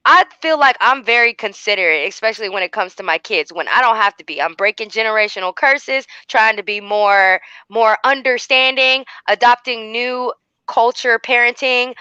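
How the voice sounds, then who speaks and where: Female panelist, bright high-ish voice, outspoken, dry dull lo-fi audio. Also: normal speed, smooth, no echo. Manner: outspoken, animated, laughs often. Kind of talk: casual panel talk.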